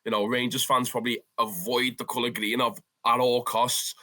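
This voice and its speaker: Young scouse lad, bright voice, animated, swears a lot, chatty interview guest. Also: male voice, medium pitch, normal speed. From Liverpool, England. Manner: animated, swears freely, calls the listener "lad". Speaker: interview guest, football fan. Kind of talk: casual storytelling interview.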